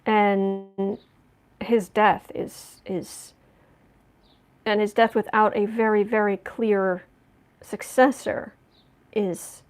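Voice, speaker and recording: A woman's voice: mid-range voice, little pitch movement, extremely slow, pauses often, smooth. A woman giving a casual tarot reading, musing aloud and often restarting or repeating words. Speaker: tarot reader.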